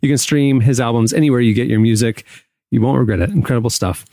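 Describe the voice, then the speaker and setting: A man's voice: medium pitch, creaky, warm tone, no room sound, studio quality. A man hosting a podcast, cheering the others on in casual chat and reading out sign-off announcements. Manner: enthusiastic, quick to cheer along. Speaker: podcast host.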